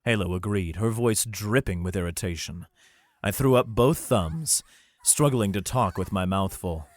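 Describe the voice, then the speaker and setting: Man, audiobook narration, low voice, steady first-person reading. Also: unhurried, no echo.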